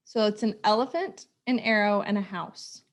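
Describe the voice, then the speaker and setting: Woman, 30s, podcast co-host; chatty, animated, laughs easily, mid pitch. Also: moderate pace. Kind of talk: casual chat.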